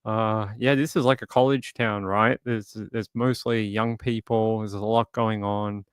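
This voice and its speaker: A man's voice: on the low side, measured pace, clear, resonant tone, dry recording, clean studio sound. A man hosting a true crime livestream, chatting loosely and reading out viewer comments. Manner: rambling, repeats words, relaxed asides. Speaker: livestream host.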